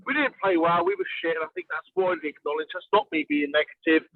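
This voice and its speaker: A man's voice: a little high, sing-song, fast talker, few pauses, no echo. Blunt man on a tinny phone line. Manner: blunt, swears, repeats himself. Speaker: podcast guest. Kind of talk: casual chat. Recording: dry phone-like line from far off.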